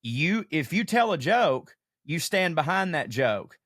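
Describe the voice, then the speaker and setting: A man's voice: on the high side, a little slow, dry recording, clean studio sound. Fired-up profane man on a podcast. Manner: animated, profane, rants with comic asides. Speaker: podcast host, comedian. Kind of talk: casual podcast monologue.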